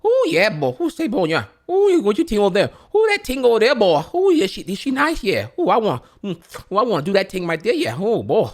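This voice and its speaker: A man's voice: sits high, wildly swooping pitch, a little fast, vocal fry, hardly any pauses, voice pushed up, heavily acted. A man imitating a rowdy rural Cajun man with a thick Louisiana Cajun drawl.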